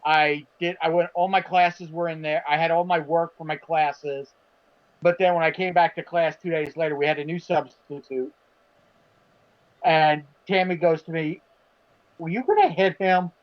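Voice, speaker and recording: A man with a high voice spins a long anecdote in casual podcast chat. He is animated and foul-mouthed, slipping into the voices of the people he quotes. The sound is dull and lo-fi. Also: normal speed. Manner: animated, acts out quotes, swears. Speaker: podcast co-host. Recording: dull lo-fi stream audio.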